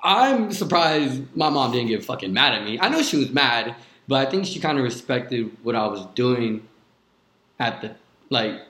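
A young man appearing as a DJ guest on a podcast tells his story in a loose, casual way, recorded in an echoey room. His medium-pitched voice is fairly bright with lively intonation at a moderate pace, and he swears often and fills his speech with "like."

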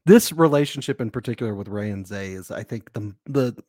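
A man co-hosting a casual podcast chat, easygoing and quick to laugh. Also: lowish voice, animated, darkish tone, no echo, studio quality. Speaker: podcast co-host. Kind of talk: casual chat recapping a reality show.

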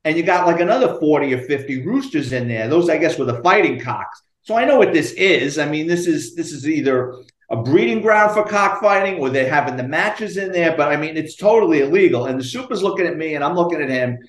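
A man, a retired detective spinning stories in a lively, salty way and voicing everyone in them. His voice sits a little high for a man. The room around him rings with a noticeable echo. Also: fairly quick, few pauses. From New York. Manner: animated, profane, acts out quotes. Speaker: retired police detective, guest. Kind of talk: storytelling in a podcast interview.

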